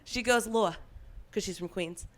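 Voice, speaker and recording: A woman's voice: fairly high pitch, moderate pace, fairly bright tone, clear, resonant tone. A young woman from Long Island doing a stand-up comedy set on stage, chatty and self-deprecating, laughing at her own jokes.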